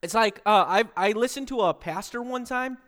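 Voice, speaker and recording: High-voiced animated man preaching. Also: normal speed. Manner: animated, acts out quoted voices, mixes English with another language. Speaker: pastor. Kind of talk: sermon.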